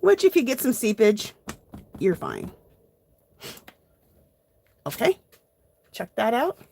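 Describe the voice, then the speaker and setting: A woman's voice: fairly high pitch, wildly swooping pitch, slow, creaky, a little mellow, slight background noise. A woman hosting a casual live art journaling tutorial, chatting to viewers as she works. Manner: chatty, addresses viewers as "you guys".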